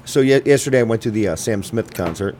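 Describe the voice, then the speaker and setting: A man's voice: lowish voice, animated, quick pace, background noise. A man hosting a casual radio show, telling stories at a loose, rambling pace with lots of fillers and swearing. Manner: rambling, laid-back, swearing, many fillers. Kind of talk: casual chat.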